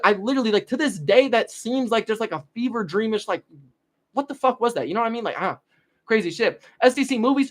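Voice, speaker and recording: A man's voice: extremely high pitch, a bit bright. A young man on a casual livestream, telling stories and answering chat in a profane, rambling way that often trails off into mumbles. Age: young adult.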